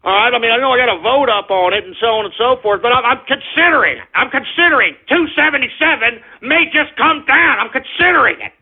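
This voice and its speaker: A man hosting an internet radio talk show, ranting and cursing at trolls and breaking into shouts. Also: very high voice, lively intonation, fast, few pauses, husky. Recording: tinny phone-like lo-fi audio.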